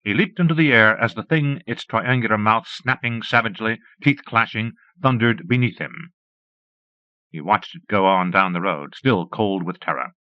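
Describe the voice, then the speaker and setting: Man narrating an audiobook, low voice, measured, dry close mic, dull cassette sound. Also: expressive, no room sound. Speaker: audiobook reader. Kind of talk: scripted narration. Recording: muffled dry cassette recording.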